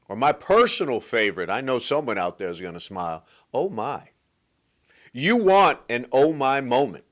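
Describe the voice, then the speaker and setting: Animated man hosting an advice show. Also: mid-range voice. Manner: playful, joking, emphatic, repeats points. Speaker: show host giving relationship advice. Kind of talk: animated monologue to camera.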